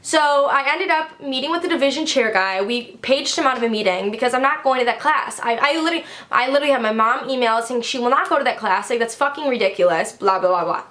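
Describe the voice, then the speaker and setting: A teenage girl vlogger telling a storytime rant, animated, heated and full of profanity. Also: sits high, fast, few pauses. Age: teens.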